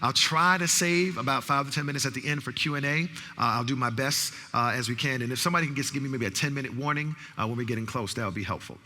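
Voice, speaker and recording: Bright-voiced man lecturing in a hall. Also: medium pitch, quick pace, hardly any pauses. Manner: call-and-response, repeats phrases to rally the audience. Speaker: college professor giving a training talk. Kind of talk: interactive conference talk. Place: conference hall with audience. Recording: long hall reverb.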